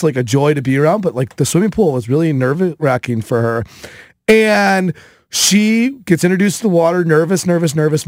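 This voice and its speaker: High-voiced man telling a story. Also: dry recording, studio quality. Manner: animated, filler-heavy with frequent "like". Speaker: podcast host. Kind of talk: casual storytelling.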